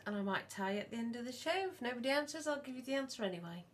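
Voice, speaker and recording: A woman's voice: fairly high pitch, racing. Chatty woman telling rambling stories. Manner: rambling, animated storyteller. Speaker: podcast co-host, mother of the other host. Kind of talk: casual chat.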